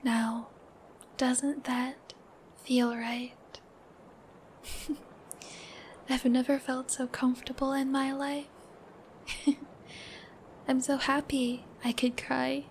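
A woman's voice: sits high, little pitch movement, very slow, pauses often, slight background noise, full character voice. A young woman playing a shy, giggly girlfriend who babbles affectionately, in a whispered role-play. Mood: shy, tender.

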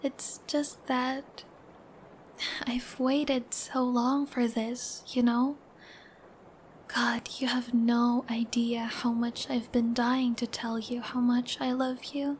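A woman's voice: sits high, flat delivery, very slow, slight background noise. A woman as a giggly, shy young girlfriend. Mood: shy, tender. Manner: giggly, babbling, soft and affectionate. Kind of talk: whispered role-play.

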